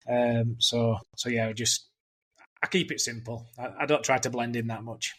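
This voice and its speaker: A man with a Yorkshire accent, a podcast guest chatting in a relaxed way and often restarting his sentences. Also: mid-range voice, normal speed. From England. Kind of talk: casual chat. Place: Gold Coast, Queensland.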